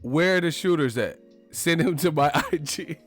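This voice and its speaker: A man hosting a live chat stream, talking casually and trash-talking commenters with loud bursts and laughs. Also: on the high side, moderate pace, faint music behind. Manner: brash trash talk, frequent laughing.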